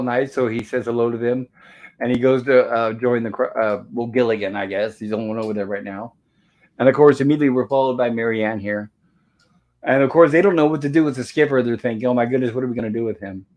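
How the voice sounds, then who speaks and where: A fast-talking man with an ordinary middle-pitched voice hosts a relaxed review chat from home, meandering through an old sitcom episode. He chuckles frequently and links his thoughts with "and of course" as he recaps.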